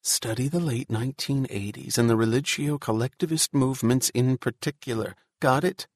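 A man voicing a furtive, nervous neighbor who talks in a rapid, fear-filled way. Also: mid-range voice, breathy edge, dry recording, pitched above the performer's own voice. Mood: urgent.

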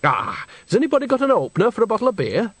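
A man's voice: very high voice, big pitch swings, racing, slightly rough, no room sound, voice pushed up, exaggerated voice. A man voicing a cheerful, chatty old countrywoman who rambles breezily. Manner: breezy, rambling and matter-of-fact.

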